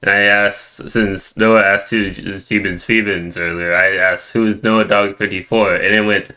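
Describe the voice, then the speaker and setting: A man's voice: low-pitched, a little fast, hardly any pauses, bright, forceful tone, poor audio. A man chatting casually with friends, reacting in a dry, understated way. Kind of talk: casual chat.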